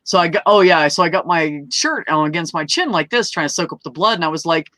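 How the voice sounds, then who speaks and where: A woman telling a personal story at an open mic, animated, swearing freely and laughing mid-story as she acts out the people in it. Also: lowish voice, fast talker, no room sound. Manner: acts out quoted voices. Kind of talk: casual storytelling.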